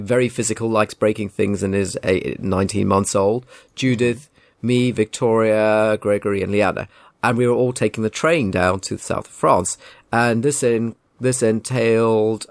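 A man's voice: medium pitch, dry recording. A man telling a casual anecdote in a wry, indignant, rambling way. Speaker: storyteller.

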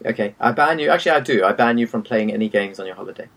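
Male co-host, gravelly tone, dry wit, sidekick role. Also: fairly low pitch, animated, rapid-fire, fairly bright tone. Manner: dry teasing quips, short listener replies. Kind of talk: casual chat.

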